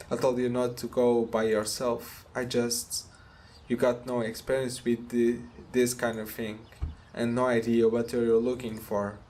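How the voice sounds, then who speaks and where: A man voicing a gruff, protective mobster who scolds bluntly and swears while reading game dialogue aloud. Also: mid-range voice, darkish tone, natural voice.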